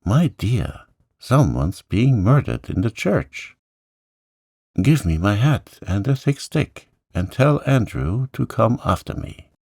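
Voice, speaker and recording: A man's voice: fairly low pitch, very animated, slow, gravelly, a little mellow, slightly rough, no room sound, clean studio sound, voice pushed up, exaggerated voice. A man voicing a flustered elderly village vicar in a storybook reading. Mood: alarmed. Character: excitable old male village vicar.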